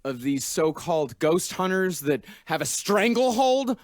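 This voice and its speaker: A man's voice: high-pitched, big pitch swings, measured pace, no echo, studio quality. A man co-hosting a podcast, reading prepared research with a wry, mocking delivery. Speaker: podcast co-host.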